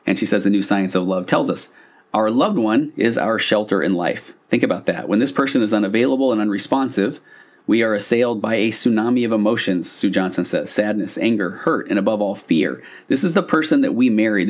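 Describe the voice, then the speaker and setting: A man with a fairly low voice talks through a podcast episode on his own. He is a couples therapist who reads quotations and then explains them in a relaxed, reflective way, often stopping for asides. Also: quick pace. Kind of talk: casual solo podcast talk.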